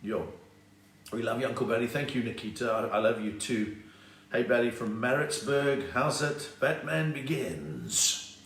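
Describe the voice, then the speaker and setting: A man's voice: mid-range voice, lively intonation, normal speed, a bit bright, distant mic. A South African man hosting a comedy live stream from home, chatting and punning as he greets viewers by name. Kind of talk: casual live-stream chat reading viewer comments. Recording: roomy sound, voice set back from the mic.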